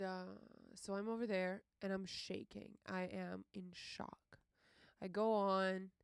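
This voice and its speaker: Emotional woman with a gravelly, smooth voice. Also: mid-range voice, dry recording, clean studio sound. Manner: emotional, halting, with frequent fillers and swearing. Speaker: podcast host. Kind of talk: personal storytelling.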